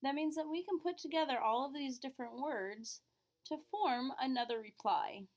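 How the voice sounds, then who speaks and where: A woman's voice: sits high, normal speed, a little mellow. A woman teaching beginner French, explaining patiently and modeling phrases with exaggerated rising intonation. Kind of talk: classroom lesson.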